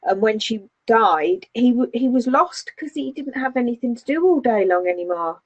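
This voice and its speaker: A woman's voice: a little high, expressive, moderate pace. A woman with a Northern English accent co-hosting a casual crafting chat and chiming in with agreement. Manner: supportive listener, brief agreeing replies. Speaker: podcast co-host. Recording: slightly dull lo-fi sound.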